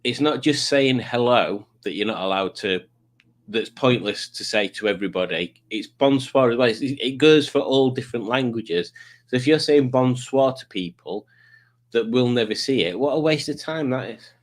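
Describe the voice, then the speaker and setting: A man's voice: medium pitch, animated, normal speed. Rambling man hosting a quiz stream. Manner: rambling, self-mocking, jokey. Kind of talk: casual live-stream chat.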